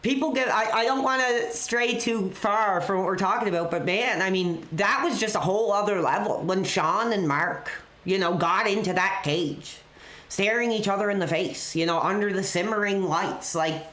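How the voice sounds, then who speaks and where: A woman's voice: medium pitch, moderate pace, fairly bright tone. Rambling woman host in a roomy space. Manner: rambling storyteller with constant "you know". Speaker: live wrestling show host. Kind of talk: off-the-cuff live-stream chat.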